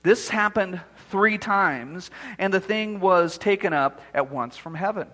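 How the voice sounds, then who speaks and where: Male pastor, bright and tense voice, sermon delivery with acted-out quotes. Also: sits high, unhurried, long reverb tail, soft background music. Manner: acts out the quoted voices as he preaches.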